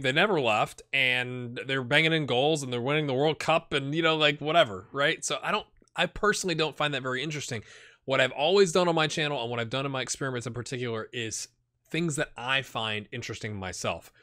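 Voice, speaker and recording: A man's voice: fairly high pitch, bright, forceful tone. A man hosting a game channel, talking through a football management save in a rambling, chatty way and thinking aloud with lots of restarts. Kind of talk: casual gameplay commentary.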